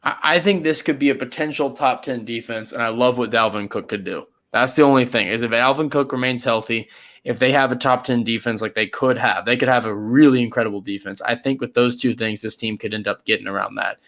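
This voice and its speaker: A young man co-hosting a casual sports podcast, hesitant and hedging, sometimes drawing words out and sometimes rushing. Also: medium pitch, fairly bright tone. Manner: hesitant, hedging, pace swings from drawn-out to quick. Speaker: podcast co-host.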